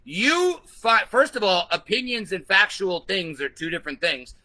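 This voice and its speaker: A man with a high, very bright and cutting voice rants to the camera, swearing freely and hammering each point home. He moves between combative tirades and answering viewer comments in a vlog. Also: very animated, moderate pace, poor audio. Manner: profane, combative, emphatic. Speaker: vlogger. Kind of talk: ranting vlog, reading comments.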